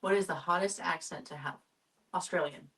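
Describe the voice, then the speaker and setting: A young woman of Mexican origin chatting casually as a podcast co-host, low-voiced for a woman and sitting a little back from the microphone. She tells anecdotes with animated, acted-out voices. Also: moderate pace, far from the mic. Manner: animated, acts out phone calls in different voices. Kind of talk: casual chat.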